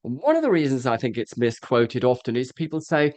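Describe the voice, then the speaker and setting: A man, a presentation coach giving a live workshop talk, animated and demonstrative, with frequent ums. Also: on the high side, a little fast, few pauses, no echo.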